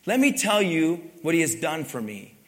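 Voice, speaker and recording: In church, a male pastor preaches with a fairly high voice that swings widely in pitch, keeping a moderate pace. He questions the congregation and presses his points with emphasis, and the hall's reverb lingers long.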